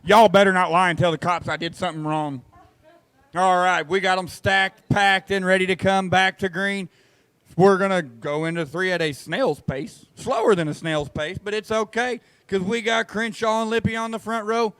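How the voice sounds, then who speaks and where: An excitable man calls a dirt track race, his voice high and smooth. He jokes with the crowd between laps while race cars roar behind him. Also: moderate pace, no room sound. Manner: excitable, joking with the crowd, folksy. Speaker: race announcer. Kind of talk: live race commentary over a PA.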